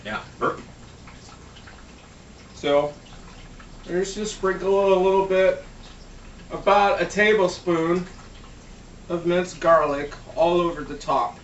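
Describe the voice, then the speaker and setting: A man's voice: high voice, fairly even intonation, slow, long pauses, lo-fi sound, slight background noise. A man giving a casual cooking demo in his home kitchen, joking around and swearing freely. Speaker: home cook. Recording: echoey room, mic at a distance.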